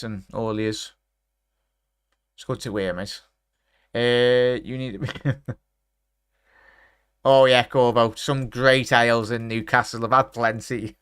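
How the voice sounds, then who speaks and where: A young man from England hosts a football watchalong, chatting loosely with his viewers and calling everyone mate. His voice sits at an ordinary middle pitch. The sound is close and dry, with no room around it. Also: pushed and bright, clear, resonant tone, no echo. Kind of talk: casual live-stream chat and match commentary.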